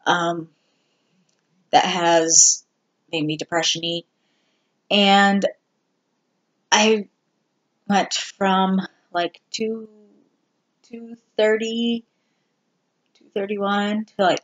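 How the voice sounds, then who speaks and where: A vlogger giving a candid personal update, talking slowly and haltingly with many ums and restarts. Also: mid-range voice, dull audio. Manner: candid and self-deprecating. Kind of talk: casual personal health update.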